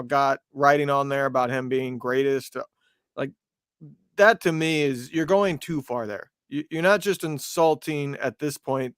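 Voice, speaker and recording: Male podcast co-host, slightly higher voice, opinionated casual talk, dry mic. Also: clear, resonant tone, no room sound. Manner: opinionated, lots of fillers and restarts.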